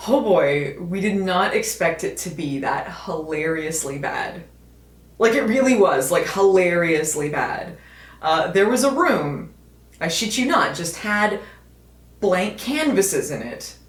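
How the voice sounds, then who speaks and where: A woman's voice: on the low side, expressive, takes it slowly. An American woman casually and wryly chatting to camera in a vlog, with many fillers. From United States. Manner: chatty, wry, lots of fillers. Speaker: video host. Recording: echoey room.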